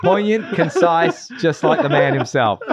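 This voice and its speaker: A man's voice: fairly high pitch, expressive, a little slow, over a noisy crowd. A man co-hosting a podcast in casual chat, rambling through stories with restarts and laughter. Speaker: podcast co-host. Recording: slightly dull, dry sound.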